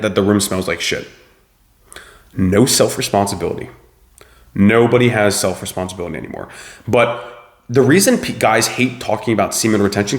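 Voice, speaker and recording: Young male host, profane motivational rant, mid-pitched voice, roomy echo. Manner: blunt, swearing, preachy and forceful. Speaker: self-improvement video host.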